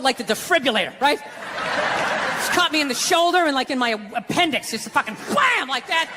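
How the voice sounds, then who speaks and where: A man doing stand-up comedy, telling a story in a brash, blunt and profane way on a club stage. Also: very high voice. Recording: live club with noisy crowd.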